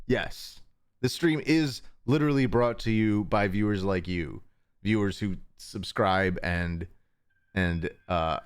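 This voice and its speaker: A young man chats casually to his livestream audience from home. His voice sits on the low side, and he rambles, chuckles often and trips over his own restarts. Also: smooth, no echo, studio quality. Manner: rambling, chuckling, self-interrupting. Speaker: livestream host.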